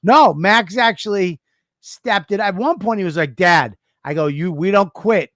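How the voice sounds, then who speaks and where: Animated Boston man telling a story. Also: high voice, measured pace, no echo, clean studio sound. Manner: animated, laughs while telling stories. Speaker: podcast co-host. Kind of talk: casual storytelling chat.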